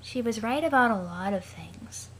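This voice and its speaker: A woman voicing a gloomy young troll girl in a dead, flat monotone, calm and cryptic. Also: medium pitch, moderate pace, breathy edge, pitched above the performer's own voice. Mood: detached.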